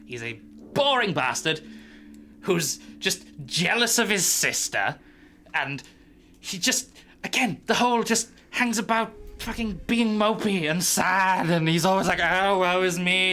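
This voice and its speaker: A man's voice: sits high, lively intonation, measured pace, bright, forceful tone, voice pushed up, full character voice. A man playing a crude, giggling chaos god. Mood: mocking. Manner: giggly, swearing, mocking. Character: mischievous chaos god, male, crude and gleeful. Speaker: game master.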